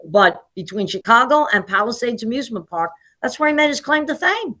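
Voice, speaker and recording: Jersey-accented woman, bright and chatty. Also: fairly high pitch, brisk. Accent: New Jersey and New York City. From New Jersey, USA. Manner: chatty, animated storytelling with many "okay?" asides. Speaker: guest. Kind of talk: casual interview chat.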